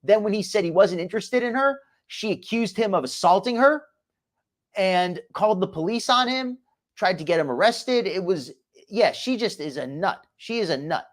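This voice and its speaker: A man's voice: sits high, animated, moderate pace. A man hosting a commentary show, talking casually and rambling, often repeating his words.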